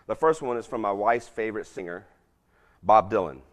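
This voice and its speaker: A man's voice: on the low side, expressive, normal speed. A middle-aged man giving a casual, interactive presentation to a church group, quizzing a live audience, with lots of ums and frequent "right?". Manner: chatty, drops in lots of ums and asks "right?".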